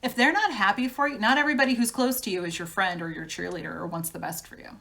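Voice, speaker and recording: A woman's voice: mid-range voice, quick pace, gravelly, pushed and bright. A woman giving a casual tarot reading, talking frankly in a chatty way and laughing often. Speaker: tarot reader.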